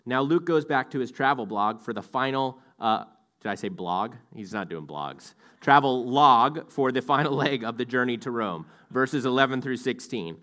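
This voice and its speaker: A man's voice: medium pitch, expressive, moderate pace, fairly bright tone. A man giving verse-by-verse Bible teaching in a conversational way, with asides that correct himself.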